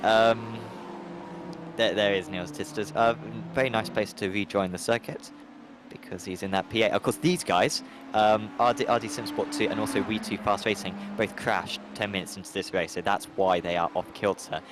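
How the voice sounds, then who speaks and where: Guy doing sim racing commentary, lowish voice, keeps stopping and restarting, noisy background. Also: fairly even intonation, moderate pace. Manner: rambling, hesitant, lots of fillers and restarts. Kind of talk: live race commentary.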